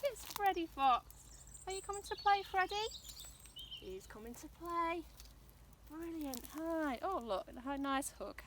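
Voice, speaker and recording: A woman presenting a play activity for small children, talking in a slow, exaggerated sing-song. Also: extremely high pitch, expressive, slight background noise.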